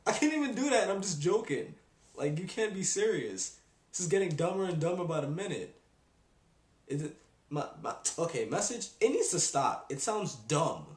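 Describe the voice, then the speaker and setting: A young man ranting on his video blog in an exasperated, animated way. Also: sits high, normal speed. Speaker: vlogger. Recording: echoey room.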